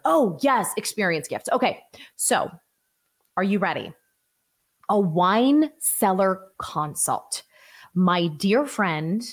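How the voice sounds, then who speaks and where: A middle-aged woman, hosting a solo podcast in a chatty, enthusiastic way, full of asides. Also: on the low side. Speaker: podcast host. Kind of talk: solo gift-guide podcast.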